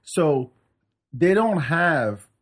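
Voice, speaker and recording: An animated man hosting a casual podcast, his voice swinging up and down lively as he tells stories. He keeps slipping into mocking impressions for the jokes, sitting a little above typical male pitch. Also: very slow. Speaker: podcast host. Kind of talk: casual comedic chat.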